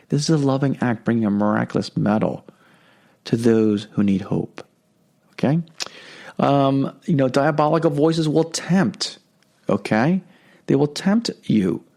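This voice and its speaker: Gravelly-voiced man teaching faith casually. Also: medium pitch, mellow. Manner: conversational, often checks in with "okay?". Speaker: podcast host. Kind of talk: religious teaching talk.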